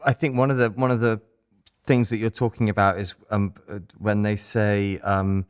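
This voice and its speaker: Low-voiced chatty man. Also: level tone, normal speed, clean tone. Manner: chatty, loose anecdotes. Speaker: band member. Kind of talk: casual podcast chat.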